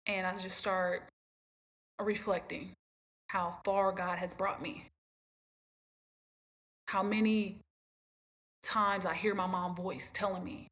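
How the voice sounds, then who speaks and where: A woman's voice: mid-range voice, flat delivery, takes it slowly, pauses often, fairly bright tone. A woman hosting a podcast, talking about her own life in an emphatic, repetitive way and preaching encouragement to listeners. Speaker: podcast host. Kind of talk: personal motivational talk.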